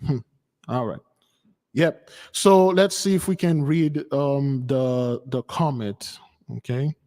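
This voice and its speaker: A man's voice: mid-range voice, slow pace, darkish tone. Emphatic man, echoing reverb. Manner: emphatic, preachy, repeating phrases. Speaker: channel host. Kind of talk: livestream commentary. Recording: long reverb.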